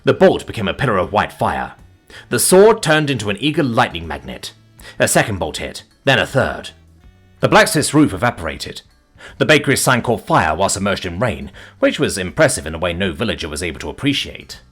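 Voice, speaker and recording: A man narrating a comic fantasy story with wry, deadpan asides. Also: fairly low pitch, a little fast, slightly rough, soft background music.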